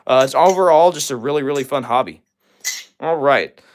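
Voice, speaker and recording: A young man from Missouri hosting a livestream, rapidly reading and answering viewer comments with lots of fillers. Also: medium pitch, slight background noise. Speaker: livestream host. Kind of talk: fast live chat reading.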